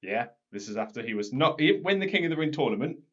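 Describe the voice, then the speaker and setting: A man co-hosts a wrestling podcast, leading a casual chat and steering his co-host through the event. His medium-pitched voice is very animated, fast, and fairly bright, though the lo-fi podcast audio sounds dull.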